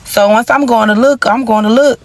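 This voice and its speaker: Animated profane storytelling woman. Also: on the high side, a little fast, no echo. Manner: animated, profane, emphatic retelling. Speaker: storytime vlogger. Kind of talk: storytime vlog.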